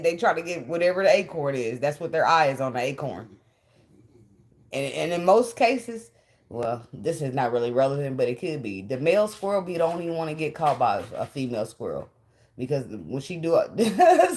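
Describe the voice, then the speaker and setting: A woman's voice: low-pitched, darkish tone. A woman giving a casual tarot reading, blunt and profane, laughing often as she talks. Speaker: tarot reader.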